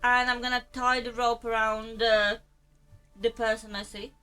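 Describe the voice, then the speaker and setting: A woman's voice: on the high side, level tone, moderate pace, pushed and bright, clear, resonant tone, soft background music. A woman playing a tabletop game, asking direct questions about the rules. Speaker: player.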